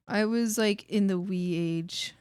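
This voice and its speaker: A woman's voice: medium pitch, slow pace, clear, resonant tone, no room sound, clean studio sound. A woman in her thirties chatting casually and playfully while drawing on a stream, laughing often. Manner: giggly, playful, animated.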